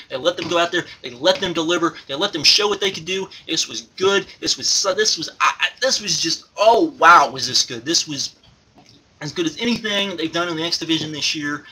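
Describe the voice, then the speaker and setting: A man's voice: fairly high pitch, bright, forceful tone, husky, low-quality recording. A man voicing a giddy male alter-ego reviewer who gushes over wrestling shows and keeps repeating and exclaiming. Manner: gushing, repeats himself, exclaims often. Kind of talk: excited spoken review.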